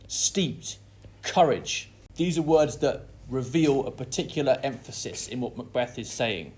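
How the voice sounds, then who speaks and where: A man's voice: medium pitch, darkish tone. Guy breaking down a play scene for students, reads the quotes with some drama then explains. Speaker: English literature teacher. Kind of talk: exam analysis lesson.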